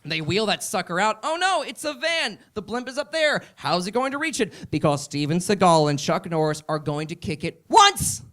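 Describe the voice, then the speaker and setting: A man performing a comedy monologue with lots of energy. His voice sits slightly high and swings widely in pitch. He often builds his lines up to shouts. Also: moderate pace, hardly any pauses. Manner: animated, excitable, building to shouts.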